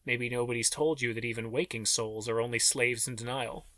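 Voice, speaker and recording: A man's voice: mid-range voice, steady tone, brisk, fairly bright tone, dry recording. A man reading an audiobook in scripted, dramatic narration.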